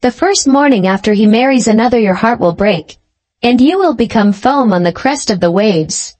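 A woman voicing a cruel, scheming old female sea witch in a storybook reading, speaking coldly and deliberately. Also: on the high side, lively intonation, darkish tone. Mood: cold, mocking.

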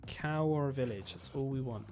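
A man giving chatty let's-play commentary as he plays, thinking aloud with excitable bursts. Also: mid-range voice, moderate pace, soft background music. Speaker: gaming video creator.

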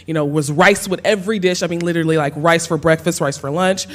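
A woman with a Gullah Geechee Lowcountry accent, a cookbook author speaking onstage before an audience, telling stories warmly and laughing often. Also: fast talker. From South Carolina Sea Islands. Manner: warm storytelling, laughs often, says y'all. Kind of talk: onstage conversation. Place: stage under lights before an audience.

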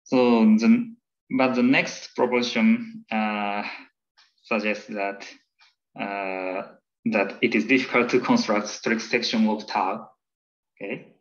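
Slow, halting man giving a math lecture. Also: fairly low pitch, steady tone, lo-fi sound. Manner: halting, many fillers and restarts. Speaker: presenter of a math talk. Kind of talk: academic lecture.

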